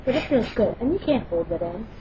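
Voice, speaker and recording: A young woman vlogging casually, loud and brash, swearing freely and rambling through quick stories. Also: a little high, lively intonation. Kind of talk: casual chat and storytelling. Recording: lo-fi home recording with background noise.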